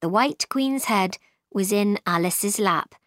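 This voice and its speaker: A woman narrating a storybook in a clear, deliberate reading. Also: medium pitch, a bit bright, no room sound, studio quality.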